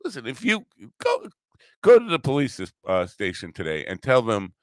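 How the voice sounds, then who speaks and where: A man's voice: mid-range voice, huge pitch swings, moderate pace, no room sound. A man hosting a podcast, delivering a profane, sarcastic, opinionated monologue. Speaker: podcast host.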